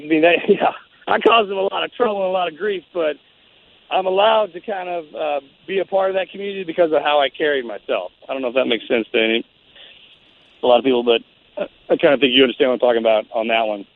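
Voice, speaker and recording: A man recounts a war story in a loose, rambling way, restarting his sentences and peppering them with "man" and "dude". His voice sits fairly high. The sound is thin and phone-like. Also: no room sound. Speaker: interview guest, former Navy SEAL. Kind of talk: casual storytelling. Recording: phone-like narrow band.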